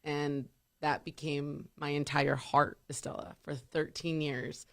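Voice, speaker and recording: A woman in her thirties with a deep voice, a radio personality chatting as a guest and laughing easily. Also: flat delivery, slow pace, fairly bright tone. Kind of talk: casual interview chat.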